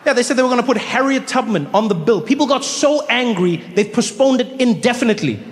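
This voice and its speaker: A man performs stand-up comedy with a fairly high voice and lively, animated storytelling. The sound carries the long reverb of a large hall, with faint ambience behind him. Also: fast, slight background noise.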